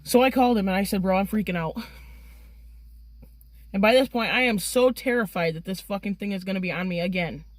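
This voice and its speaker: A woman tells a story in a loose, excitable way, swearing freely. Her voice sits at an ordinary pitch and sounds close and dry, with no room around it. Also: fast, hardly any pauses, no echo. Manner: profane and excitable. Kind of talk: casual storytelling.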